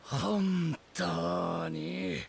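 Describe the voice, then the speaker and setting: A weary, sardonic game villain. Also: male voice, fairly high pitch, little pitch movement, drawn-out words, vocal fry, a little hiss or hum, full character voice. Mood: exasperated. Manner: sighing, exasperated, lazily sardonic. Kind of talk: Japanese game voice acting. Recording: game audio with music behind.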